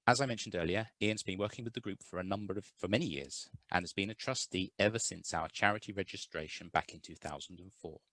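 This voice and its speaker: Deep-voiced man chairing a meeting. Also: fast talker, hardly any pauses, fairly bright tone, dry recording. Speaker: chair of a charity AGM. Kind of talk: reading a prepared meeting report. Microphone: video call.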